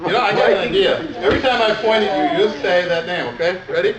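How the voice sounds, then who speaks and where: A man plays Brother Joe, a jolly male islander, laughing and playfully coaxing a live youth group audience through a comedy skit in a cheerful mood. His voice is high-pitched and quick, close to how he normally talks. The recording is very noisy and dull, with a far mic in an echoey hall and a loud crowd.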